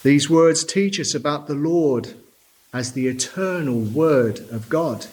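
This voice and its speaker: A man preaching a sermon from a church pulpit, slow and deliberate, stressing key words. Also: on the high side, animated, a little mellow.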